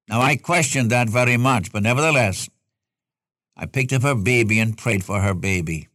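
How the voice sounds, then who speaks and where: An older man preaching an expository sermon, reading scripture aloud and rising in pitch to stress his points. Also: normal speed, fairly bright tone, dry recording, clean studio sound.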